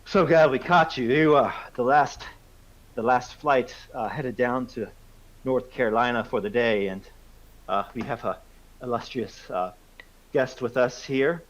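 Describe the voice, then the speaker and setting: A man's voice: medium pitch, measured pace, dull audio, pitched above the performer's own voice, natural voice. A man voicing a flustered, out-of-breath male American police officer who stumbles over his words. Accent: put-on American accent. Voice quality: hesitant, stumbling, lots of fillers.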